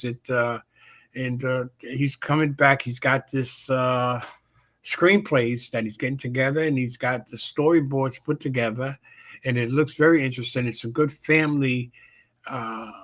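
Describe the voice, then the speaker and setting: A man's voice: mid-range voice, steady tone, normal speed, fairly bright tone. A man hosting a talk show, chatting casually with many fillers and restarts. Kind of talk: casual promo chat.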